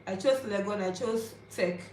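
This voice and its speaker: A woman's voice: medium pitch, moderate pace, darkish tone, slight background noise. A young woman in her twenties with a Ghanaian English accent, telling her personal story to camera in a confiding, chatty way and checking in with her viewers. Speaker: vlogger. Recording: roomy echo, faint ambience.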